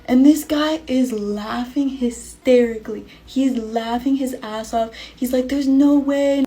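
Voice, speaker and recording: A woman dramatically retelling a personal story in an animated way. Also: on the high side, measured pace. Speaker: storyteller in a social media clip.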